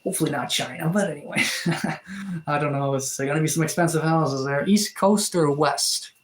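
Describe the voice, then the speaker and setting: A man's voice: a little high, normal speed. Rambling young man, roomy echo. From Canada. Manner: rambling, many fillers and restarts. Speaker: live streamer. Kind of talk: casual live stream chat reading comments.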